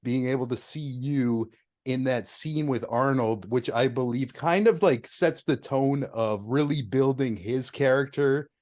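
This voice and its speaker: A man's voice: medium pitch, unhurried, a little mellow. A man hosting a podcast, asking questions in a laid-back, casual way with plenty of likes and ums. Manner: laid-back, heavy use of like and um. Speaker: podcast host. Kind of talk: casual interview chat.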